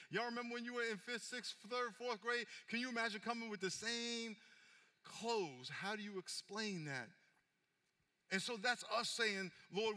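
A man preaching a sermon as pastor, swinging from hushed, intimate passages to loud calls for an amen. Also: high voice, in a large hall.

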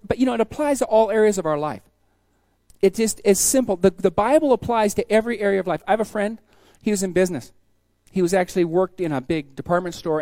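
A man preaching a casual sermon, telling folksy stories and acting out the people in them with sudden loud bursts. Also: sits high, no echo. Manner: storytelling, acts out quoted voices with sudden loud bursts; folksy, conversational.

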